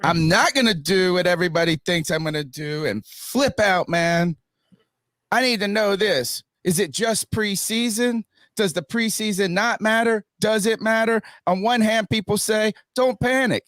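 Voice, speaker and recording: A man hosting a sports podcast over a video call, talking in an animated, playful way. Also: sits high, moderate pace, no echo, clean studio sound. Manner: animated, playful, mock-panicky. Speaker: podcast host. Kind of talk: casual sports podcast talk. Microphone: webcam and mic on a video call.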